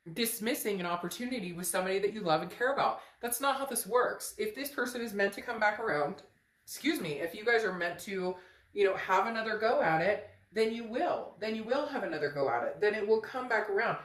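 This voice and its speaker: A woman giving an earnest, emphatic tarot reading to her viewers, often repeating phrases. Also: medium pitch. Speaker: tarot reader. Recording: echoey room.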